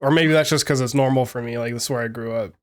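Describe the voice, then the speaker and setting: A man's voice: mid-range voice, steady tone, fast talker. Rambling, swearing man on a podcast. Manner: rambling, filler-heavy, swearing, laughing. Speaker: podcast co-host. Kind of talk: casual podcast chat.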